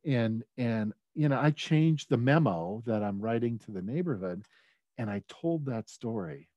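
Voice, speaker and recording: A man's voice: mid-range voice, lively intonation, unhurried, no room sound, muffled recording. A middle-aged man telling a personal story in a conversational way, with many fillers and restarts. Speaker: speaker at a leadership talk.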